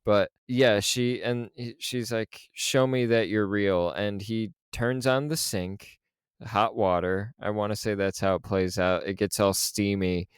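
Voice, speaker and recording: Male podcast co-host, low and smooth, animated and profane, recorded dry and close. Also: measured pace, no room sound. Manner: animated, profane storytelling with frequent laughs. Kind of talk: casual film discussion.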